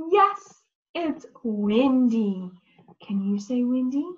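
A woman with a North American accent teaching English to young learners, with encouraging, drawn-out words and frequent praise. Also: sits high, big pitch swings, a bit bright, lo-fi sound. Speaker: ESL teacher.

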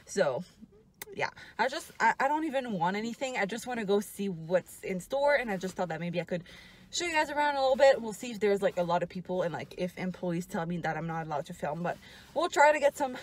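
A young woman speaking, talking casually to her viewers as a book vlogger. Her speech is loose and chatty, full of "like" and little restarts. Her voice sits at an ordinary pitch for a woman. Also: animated, fairly quick. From Quebec, Canada. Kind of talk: casual vlog chat.

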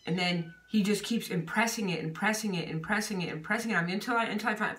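A woman's voice: mid-range voice, fast, hardly any pauses, fairly bright tone, far from the mic. A woman giving an informal Bible teaching, talking casually with fillers like "you know" and "okay?". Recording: echoey room, voice set back from the mic.

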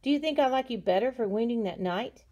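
A woman's voice: a little high, lively intonation, fast talker, mellow, close to an everyday voice. A woman reading a haughty scornful noble lady.

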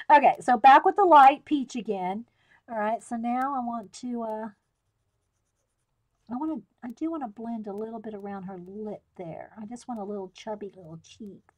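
A woman's voice: a little high, moderate pace, pauses often, darkish tone. A woman hosting a live coloring tutorial, chatting casually, laughing often and answering viewers by name. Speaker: coloring tutorial livestream host.

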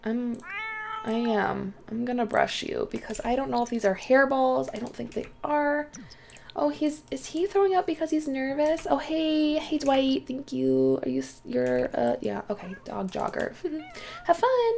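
Slow-talking woman with a gravelly voice. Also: sits high, expressive, darkish tone, a little hiss or hum. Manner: chatty, exclaims and talks to her game characters. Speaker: let's play host. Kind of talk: casual gameplay commentary.

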